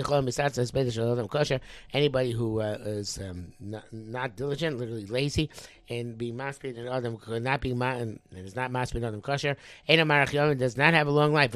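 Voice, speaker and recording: A man teaching a religious text, reading phrases and translating them into many pauses and fillers. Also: medium pitch, a bit bright, no echo. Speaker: Torah teacher.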